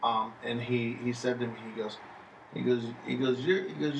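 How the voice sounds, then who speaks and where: Man, comedian, middle pitch, storytelling, echoey room, far from the mic. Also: fairly even intonation, moderate pace, vocal fry, a little hiss or hum. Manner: storytelling, quotes others. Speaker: stand-up comedian. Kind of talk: casual chat among comedians.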